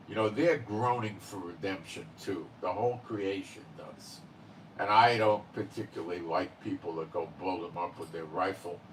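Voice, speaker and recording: A man's voice: low-pitched, far from the mic, a little hiss or hum, poor audio. A man hosting his own channel, talking in a rambling casual monologue full of fillers and "okay?" tag questions. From Israel. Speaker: channel host.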